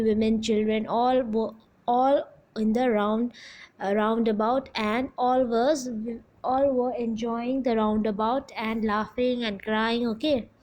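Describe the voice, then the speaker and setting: A young woman teacher with an Indian English accent, retelling a story to her class in a halting way, often stopping to check in with "okay?". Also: a little high, a little mellow, low-quality recording.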